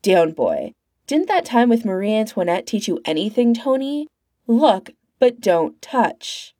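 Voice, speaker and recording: A woman's voice: mid-range voice, very animated, unhurried, mellow, dry recording, studio quality. A woman voicing a courteous, earnest man who has been lost in time. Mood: scolding. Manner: courteous, mildly scolding.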